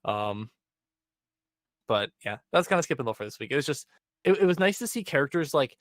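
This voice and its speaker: A young man with a medium-pitched voice talks fairly quickly on a dry recording, casually recapping a podcast episode. He tells it with animated energy, acting out the characters' lines and packing in lots of "um" and "like" in this relaxed chat.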